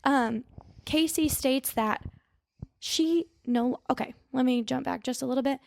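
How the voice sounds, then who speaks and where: Woman podcaster telling a true crime story, chatty, keeps fixing name mixups, kinda high gravelly voice, dry close sound. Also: measured pace, darkish tone, dry recording. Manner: chatty, mixes up names and corrects herself. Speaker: podcast co-host.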